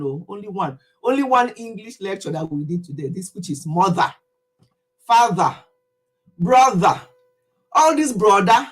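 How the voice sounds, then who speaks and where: A middle-aged woman with a Nigerian accent chats loosely on a livestream, teasing her viewers and laughing easily. Her voice has a breathy, husky edge. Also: medium pitch, rough recording. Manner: chatty, teasing, laughs often while reading out viewers. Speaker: livestream host. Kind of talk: casual livestream chat.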